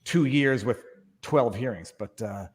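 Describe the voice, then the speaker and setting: A man's voice: mid-range voice, measured pace, in a large hall. A man chatting as a guest on a live stream, joking and rambling through asides. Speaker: guest YouTube lawyer. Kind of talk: casual panel chat on a live stream.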